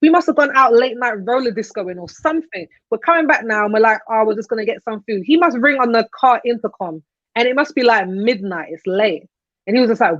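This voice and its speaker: A woman's voice: fairly high pitch, a little fast, no echo. A young woman chatting on a podcast panel, telling stories and laughing often. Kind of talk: casual panel chat. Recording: dull lo-fi podcast audio.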